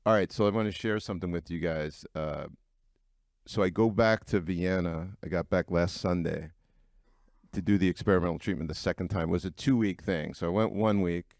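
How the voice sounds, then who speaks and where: A man's voice: sits low, fairly quick, gravelly, a little mellow, no echo, clean studio sound. A middle-aged man telling personal stories to a live audience in a frank, conversational way, with frequent fillers. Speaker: keynote speaker at an entrepreneurs' breakfast. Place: event venue before an audience.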